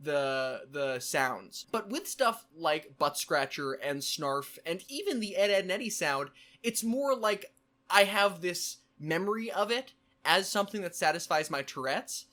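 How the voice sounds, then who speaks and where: A man talking casually to camera in a vlog. He is playful, adds quick asides, and repeats phrases and sounds in bursts. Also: high-pitched, expressive, pushed and bright. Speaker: vlogger.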